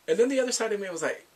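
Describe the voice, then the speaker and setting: A man excitedly recapping a drama in casual chat, laughing and acting out the characters' lines. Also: sits high. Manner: animated, laughing, acts out characters in quick quotes. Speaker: drama reviewer.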